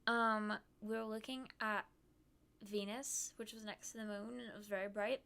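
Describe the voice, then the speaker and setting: A woman's voice: mid-range voice, level tone, moderate pace, creaky, pushed and bright, clean tone. A young woman streamer recounting a trip in a giggly, chatty way. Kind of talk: casual chat.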